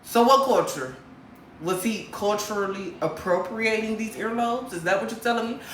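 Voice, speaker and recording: A woman from Michigan hosting a casual livestream, talking to her viewers in a blunt, profane, animated way. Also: medium pitch, moderate pace, a little hiss or hum. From Grand Rapids, Michigan, USA. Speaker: livestream host. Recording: roomy echo, faint background ambience.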